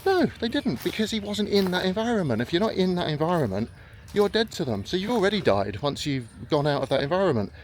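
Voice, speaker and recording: High-pitched, very animated and quick, this middle-aged vlogger barely pauses as he walks through a park. He rambles casually through stories, acting out quoted voices, with faint outdoor background noise on the recording.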